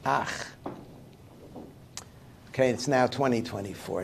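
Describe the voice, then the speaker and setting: A man, a rabbi, giving a livestreamed lesson, reading passages aloud and explaining them in an animated, emphatic way. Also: medium pitch, normal speed, slight background noise. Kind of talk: livestreamed lecture on liturgy.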